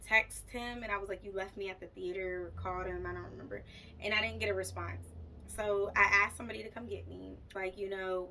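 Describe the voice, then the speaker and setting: A woman's voice: mid-range voice, pushed and bright. A woman vlogger telling a candid, exasperated storytime, talking to her viewers as y'all. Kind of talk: casual storytime. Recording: voice a bit far from mic, faint background noise.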